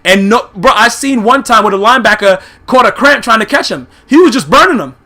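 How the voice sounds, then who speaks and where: High, bright-voiced man ranting profanely. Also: animated, fairly quick. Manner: blunt, profane, heated, lots of filler phrases. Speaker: YouTube sports commentator. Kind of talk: profane football recap rant.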